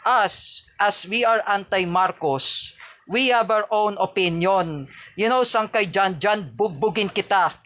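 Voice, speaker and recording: In this angry ranting vlog, a Filipino-accented man hurls repetitive insults at a rival, pausing often, clearly stressed and furious. He speaks at a high pitch with a slightly bright tone.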